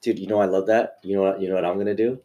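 A comedian chatting casually, excitable and slangy, calling people dude and man. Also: low voice, very fast, highs cut off. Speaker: comedian guest. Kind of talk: casual chat.

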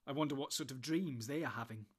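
A man voicing an earnest, anxious young male hobbit who speaks in a raised, lively way. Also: mid-range voice, fast talker, lightly acted.

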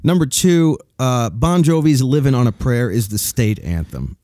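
A man's voice: medium pitch, expressive, moderate pace, warm tone, no room sound. A man co-hosting a casual studio podcast, joking and swearing freely as he banters. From New Jersey. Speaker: podcast co-host. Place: recording studio. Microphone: studio microphone.

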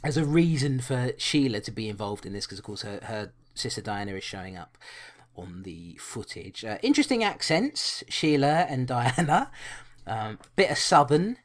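Animated, rambling man reviewing films. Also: mid-range voice, normal speed. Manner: rambling, jokey, animated, frequent restarts. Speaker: podcast co-host. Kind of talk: casual film review chat.

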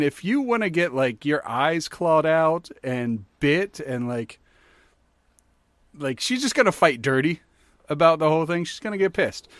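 A man's voice: on the high side, dry recording. A man co-hosting a podcast, chatting casually and rambling through a story with many fillers. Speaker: podcast co-host. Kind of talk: casual chat.

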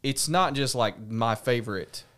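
A man of ordinary pitch chats as a podcast guest. He is a pastor who talks in an animated, emphatic way, breaking into laughs and restarting his thoughts. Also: a little slow, slight background noise. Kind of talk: casual podcast chat.

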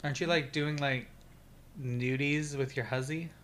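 A man's voice: mid-range voice, steady tone, moderate pace, fairly bright tone, a little hiss or hum. A young man co-hosting a podcast, chatting casually in a sassy, profane, teasing way. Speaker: podcast co-host. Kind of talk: casual chat.

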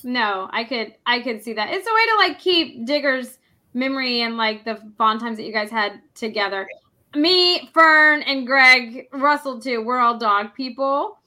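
A woman's voice: fairly high pitch, expressive, measured pace, pushed and bright. A woman hosting a podcast interview, upbeat and encouraging. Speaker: podcast host.

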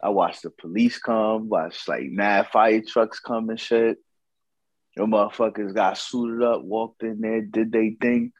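Low husky-voiced man telling a story. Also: unhurried, no echo, dull audio. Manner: slangy, profane, animated quoting of others. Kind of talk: casual storytelling.

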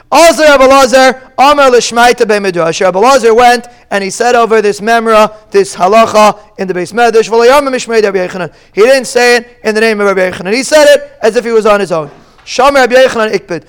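A man giving a daily Talmud lesson, reading the text and explaining it in a casual, animated way with rhetorical questions. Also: high-pitched, clean tone. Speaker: Talmud teacher.

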